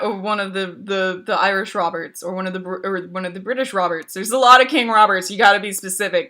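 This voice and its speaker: Bright-voiced woman rambling in casual chat. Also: medium pitch. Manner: rambling, many fillers and restarts, laughs often. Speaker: streamer answering chat.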